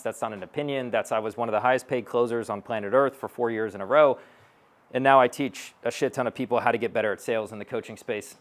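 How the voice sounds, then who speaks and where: Blunt, profane male stage speaker. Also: medium pitch. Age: 30s. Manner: blunt, profane, punchy delivery; acts out sales-call dialogue in quick asides. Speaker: sales coach speaking to an audience. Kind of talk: live stage talk. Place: stage at a live event.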